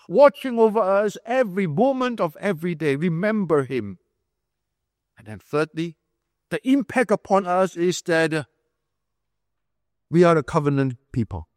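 A man's voice: high voice, dry recording, studio quality, long reverb tail. A male pastor preaching a sermon, emphatic, repeating key phrases and quizzing the room like a teacher. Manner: explains like a teacher, asks the room questions.

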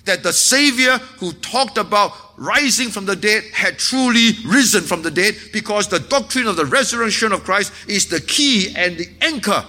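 A man preaching a sermon, impassioned at times and dropping to hushed, earnest tones. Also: high-pitched. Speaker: pastor.

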